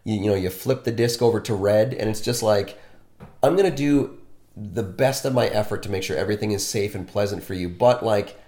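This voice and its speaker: A man's voice: on the low side, a little fast, warm tone. A man who works as a piercer, telling a candid, self-deprecating story in casual conversation. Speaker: body piercer. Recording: echoey room.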